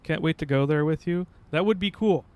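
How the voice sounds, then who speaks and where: A man streaming a video game from home, chatting casually and reading game text aloud with quick asides. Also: a little high, darkish tone, clear, resonant tone. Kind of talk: casual gameplay commentary.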